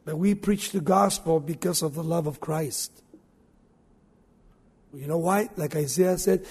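A man's voice: a little high, measured pace, long pauses, a little mellow, husky, in a large hall. A male pastor preaching a sermon, telling stories with animation and asking the congregation questions.

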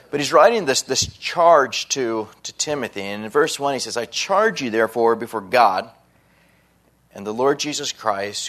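Male pastor, earnest sermon delivery, mid-pitched voice, stumbles on repeated words. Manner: earnest, repeats words when starting phrases.

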